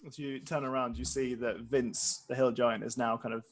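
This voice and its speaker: A man narrating a tabletop game as game master, playful and quick to laugh. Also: mid-range voice, little pitch movement.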